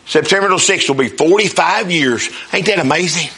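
A pastor in his sixties preaches a sermon in a folksy call-and-response style. His voice is bright and sits fairly high for a man. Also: fairly quick.

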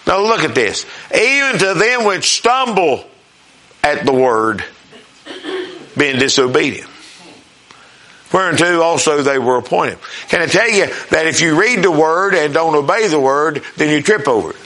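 A man's folksy, plain-spoken sermon comes in a slightly high, expressive voice with a bright, forceful tone. He checks in often with the congregation. Readings from scripture are slow and emphatic.

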